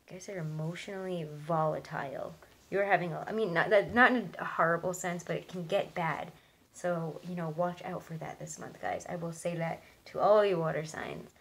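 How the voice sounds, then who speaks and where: A woman's voice: fairly low pitch, low-quality recording. A young woman giving a casual, reassuring tarot reading, talking chattily with lots of fillers. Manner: chatty, reassuring, many likes and ums. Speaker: tarot reader.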